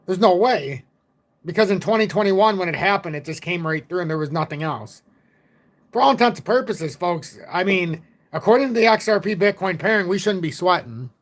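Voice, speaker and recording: A man's voice: high-pitched, expressive, fairly quick. A middle-aged man hosting a casual crypto livestream, rambling and blunt, swearing now and then and reading out donations.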